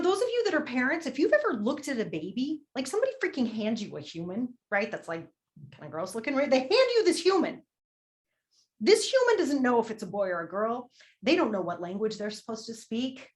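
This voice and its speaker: A woman leading a money-mindset workshop, candid and emphatic, swearing casually and repeating a prompting question. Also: a little high. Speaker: workshop leader. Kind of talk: motivational workshop talk.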